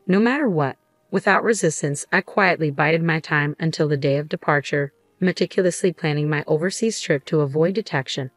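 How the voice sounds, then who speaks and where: A woman reading a first-person story in an even, measured way. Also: deep voice, no echo. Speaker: narrator.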